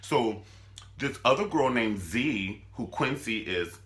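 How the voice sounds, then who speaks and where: A man giving a sassy, animated comedic recap of a TV drama, swooping between squeals and low mutters. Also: slow pace. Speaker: vlogger reviewing a TV drama.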